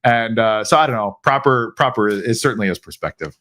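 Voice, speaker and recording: A man's voice: on the low side, expressive, fairly quick, pushed and bright. An American man hosting a live question-and-answer stream, talking casually with frequent restarts and acted-out quotes. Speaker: host answering viewer questions. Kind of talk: live Q&A chat.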